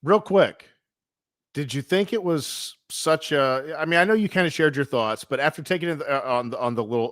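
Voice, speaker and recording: A man's voice: mid-range voice, no echo, studio quality. A man co-hosting a sports podcast, giving blunt opinions in casual chat with many fillers. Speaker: podcast co-host.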